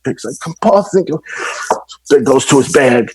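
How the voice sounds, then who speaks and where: A man's voice: mid-range voice, moderate pace, slight background noise. A middle-aged man, a podcast guest, telling stories in casual chat and animatedly acting out the people he quotes. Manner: animated, acts out quoted voices. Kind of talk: casual storytelling.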